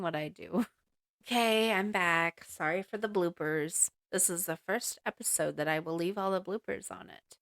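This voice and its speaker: A woman's voice: fairly low pitch, a bit bright, dry recording, clean studio sound. A young woman hosting a home recipe podcast, reading ingredients and steps in a chatty, apologetic way while fiddling with a handheld mic. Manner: chatty, apologetic, self-conscious about her mic. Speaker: podcast host. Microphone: handheld mic, moved around.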